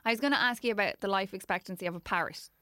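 Bright, teasing woman podcaster. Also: medium pitch, very fast, slight background noise. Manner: teasing, blunt. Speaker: podcast co-host. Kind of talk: casual chat.

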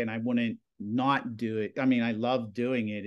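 A man in his forties, a high school TV production teacher, telling stories in a casual interview with lots of fillers. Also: fairly even intonation, normal speed, hardly any pauses. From Pennsylvania. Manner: rambling, filler-heavy storytelling with lots of "you know" and "like".

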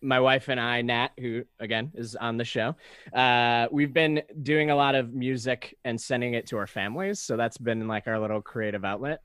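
A man with a smooth, clean voice talking casually with friends on a podcast. He riffs playfully and spins darkly comic jokes. The sound is dry and close. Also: mid-range voice, fairly even intonation, normal speed, fairly bright tone, no room sound. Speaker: podcast guest. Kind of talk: casual chat.

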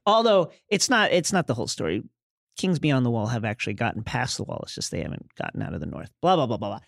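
A man co-hosts a podcast and recaps scenes in casual chat, laughing often. His pitch moves a lot, and the sound is dry and close. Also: big pitch swings, fast, vocal fry, no echo. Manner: laughs often, retells scenes by reading the lines aloud. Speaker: podcast co-host.

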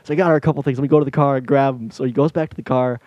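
A man's voice: medium pitch, rapid-fire, dry recording, dull audio. A young man hosting a casual chat, telling funny family stories with lots of laughter. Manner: animated storyteller, laughs while telling stories. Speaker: podcast host.

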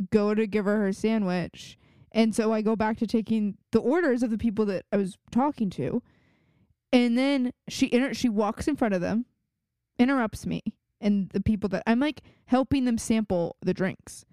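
A woman's voice: on the high side, warm tone, smooth, no echo, clean studio sound. A young woman co-hosting a podcast in casual chat, telling indignant stories from work. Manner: storytelling, indignant. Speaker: podcast co-host.

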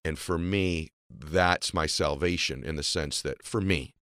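A deep-voiced man speaks as a podcast host in an earnest, reflective manner. His voice sits very low, and the sound is close and dry with no room echo. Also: measured pace, fairly bright tone, clear, resonant tone. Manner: earnest, reflective, emotional at times. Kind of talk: heartfelt interview conversation.

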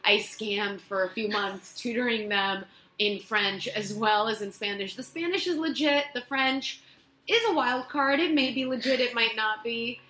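A woman actress telling self-mocking stories in a casual interview in her apartment, quick to laugh. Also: a little high, bright, forceful tone. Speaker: guest actress. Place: her own apartment living room. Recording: echoey room.

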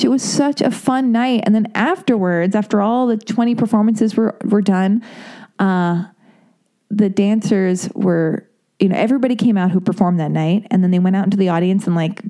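A young woman hosts a chatty monologue and tells a personal story in a casual, unfiltered way. Her voice is mellow and warm, not bright. She swears freely and fills her speech with "like" and "you know". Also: medium pitch. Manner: candid and profane, chatty with lots of fillers.

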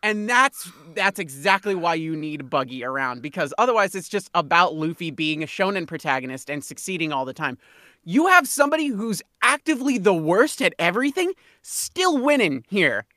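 A woman's voice: on the low side, very animated, normal speed, a bit bright, dry recording, clean studio sound. A woman co-hosting a podcast in casual chat, talking emphatically and repeating herself to drive points home. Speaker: podcast co-host.

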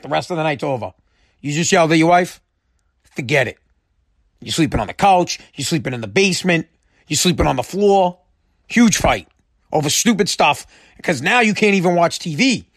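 A man's voice: a little high, gravelly, dry recording, studio quality. A man giving a casual, profane, exasperated rant, repeating himself for emphasis. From Boston area. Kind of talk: casual ranting monologue.

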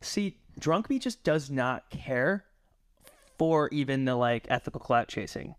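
A young man chatting on a podcast, telling animated stories and acting out what people said, laughing along. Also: mid-range voice, unhurried, clear, resonant tone. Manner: animated, laughing, acts out quotes. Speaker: podcast guest. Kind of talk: casual chat, storytelling.

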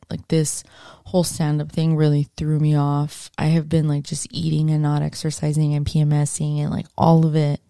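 A woman's voice: deep voice, monotone, normal speed, gravelly, mellow, dry recording, studio quality. A young adult woman hosting a solo podcast, chatting casually and jokingly and swearing freely. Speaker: podcast host. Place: outdoors on a walk.

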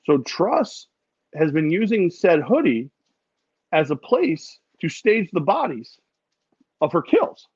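A man co-hosting a podcast, telling funny stories in a casual, animated way and sometimes putting on voices. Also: a little high, takes it slowly, pauses often, husky, dry recording, lo-fi sound. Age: adult with a daughter. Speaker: podcast co-host. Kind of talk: casual chat.

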